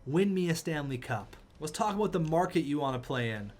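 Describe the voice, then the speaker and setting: A man's voice: a little high, expressive, a little fast, a little mellow. A young man commentating his hockey video game, exasperated and sarcastic, swinging from groans to outbursts. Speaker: gaming YouTuber.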